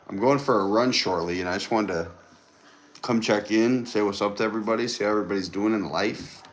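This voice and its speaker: Low-voiced young man chatting on a livestream. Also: brisk. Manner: chatty, repeats phrases, banters with commenters. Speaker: livestream host. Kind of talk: casual livestream chat reading viewer comments. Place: indoors at home with a TV on.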